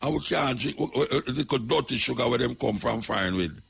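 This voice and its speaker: A man's voice: medium pitch, lively intonation, fairly quick, gravelly, fairly bright tone, breathy edge. A man with a Jamaican accent, talking as a radio host in an emphatic, preaching way, repeating his points. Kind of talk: talk radio commentary.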